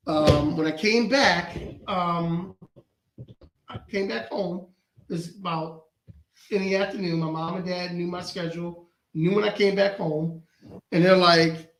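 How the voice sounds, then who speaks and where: A man's voice: on the high side, vocal fry, reverberant, poor audio. A man co-hosting a podcast, telling a long personal story and acting out the voices of his family. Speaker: podcast co-host. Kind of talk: storytelling in casual studio chat. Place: podcast studio with live audience.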